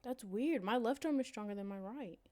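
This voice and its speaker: A woman's voice: on the high side, brisk, a little mellow, no echo. A young woman co-hosting a casual podcast, chatting playfully and giggling. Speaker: podcast co-host. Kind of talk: casual chat. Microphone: video call.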